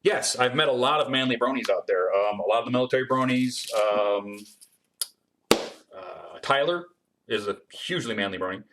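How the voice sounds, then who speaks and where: A man hosts a casual livestream Q&A while he demonstrates how he builds guitars. He reads questions from the chat aloud and answers them in a chatty way, filling his speech with ums. His voice sits at an average pitch. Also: expressive, moderate pace, noisy background.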